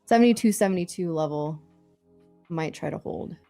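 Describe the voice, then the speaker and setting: A woman's voice: on the low side, creaky, mellow, soft background music. Playful woman host asking questions. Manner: playful, quick to laugh, drives the questions. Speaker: stream host. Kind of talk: casual chat.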